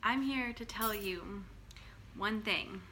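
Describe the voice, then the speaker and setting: A woman giving a passionate monologue to camera, animated and full of rhetorical questions. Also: medium pitch, slow, slight background noise, low-quality recording. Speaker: vlogger, mothers' rights advocate.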